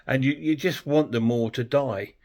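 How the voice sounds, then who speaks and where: A man's voice: medium pitch, moderate pace, a little mellow. A man chatting bluntly and ramblingly as he reviews a film for his channel. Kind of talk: casual film review vlog.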